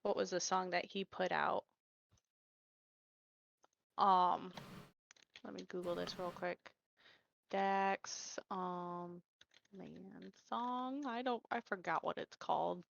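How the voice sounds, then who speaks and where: Slow, hesitant woman podcast co-host. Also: on the low side, fairly even intonation, creaky, muffled recording. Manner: hesitant, lots of "um" and restarts. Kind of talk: casual chat.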